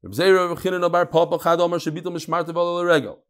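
A man teaching a text class who reads passages aloud, then explains them in relaxed talk and tells stories. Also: high voice, rapid-fire, clear, resonant tone. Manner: storytelling, acts out quoted voices. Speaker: Talmud teacher. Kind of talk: Talmud class lecture.

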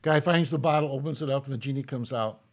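Casual joke telling from a podcast co-host: a fast-talking man at medium pitch, folksy and easygoing, with chuckles between the gags.

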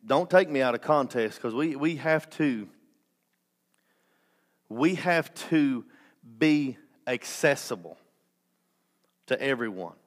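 A man's voice: mid-range voice, animated, slow pace, long pauses. A man preaching a sermon as pastor, impassioned, with restarts and joking asides.

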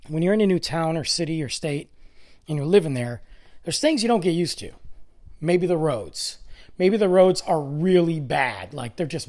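A middle-aged man hosting a casual solo podcast, rambling conversationally with self-deprecating asides, his voice going hoarse. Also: on the high side, darkish tone. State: voice going hoarse, clearing throat. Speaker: podcast host. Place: lives in the Dallas area, Texas.

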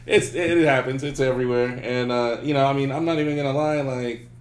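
A man's voice: medium pitch, steady tone, a little fast. Rambling man in a roomy hotel room. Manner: rambling storyteller, swears freely, many fillers. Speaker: podcast host. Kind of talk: casual chat.

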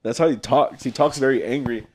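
A man's voice: mid-range voice, fairly quick. A young man hosting a podcast in casual chat, telling stories with energy and acting out quotes. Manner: animated storytelling, acts out quotes loudly. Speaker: podcast host and film director.

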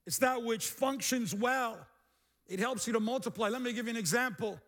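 Male pastor, high voice, lively call-and-response sermon, middle-aged. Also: normal speed. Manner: energetic, repetitive call-and-response preaching.

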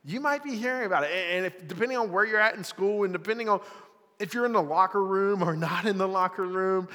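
Young man, youth pastor, relaxed chatty sermon, slightly high voice, recorded live in a reverberant church. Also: quick pace. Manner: casual, conversational, lots of filler words.

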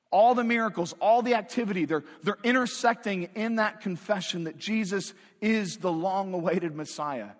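A man with a high-pitched voice preaches a sermon in a conversational, emphatic way, tossing out rhetorical questions. His voice rings with a long reverb as it fills a large church sanctuary. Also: normal speed, a bit bright. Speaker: pastor.

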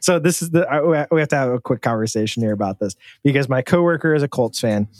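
A man's voice: mid-range voice, animated, quick pace, no echo. A man co-hosting a sports podcast, chatting casually with jokes and profane banter. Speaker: podcast co-host.

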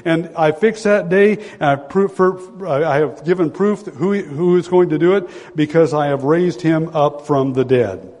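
A man in his sixties preaching a sermon as pastor, dramatic, swinging from loud pleading to hushed low tones. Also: a little slow, few pauses. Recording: long hall reverb.

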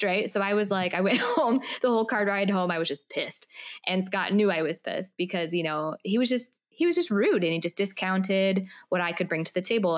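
A woman in her thirties co-hosting a podcast, telling stories in lively casual chat and laughing often. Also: lowish voice. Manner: animated storytelling, laughs often. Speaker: podcast co-host.

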